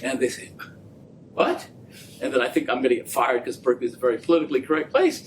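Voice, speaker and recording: A man giving a public lecture, telling anecdotes with acted-out dialogue in an animated way. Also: racing. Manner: animated storytelling, acts out quoted exchanges. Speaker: guest lecturer. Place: lecture room. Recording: distant mic with faint rumble.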